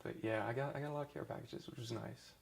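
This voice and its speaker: Gravelly-voiced man telling war stories. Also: mid-range voice, steady tone, fast. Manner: casual storytelling, many restarts and fillers. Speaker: former army dentist. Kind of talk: oral history interview.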